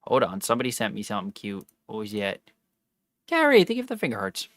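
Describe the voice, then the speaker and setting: Young guy streamer rambling to chat mid-game, bright sharp voice, dry close mic. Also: lowish voice, wildly swooping pitch, fast talker, dry recording. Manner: rambling, self-correcting, talks to chat. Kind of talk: casual live-stream chat while gaming.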